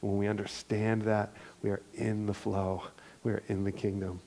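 A middle-aged male pastor preaching a sermon and leading a responsive reading in a slow, soft, unhurried way. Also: fairly low pitch, little pitch movement.

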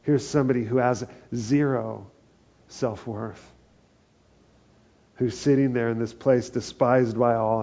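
A man's voice: lowish voice, mellow, lo-fi sound. A man preaching a sermon as pastor, earnest and building to emphatic peaks.

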